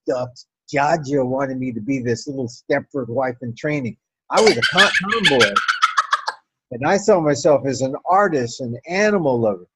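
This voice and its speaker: A woman telling a personal story in an animated, wry and profane way. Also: rumbling low, breathy edge, no echo, poor audio.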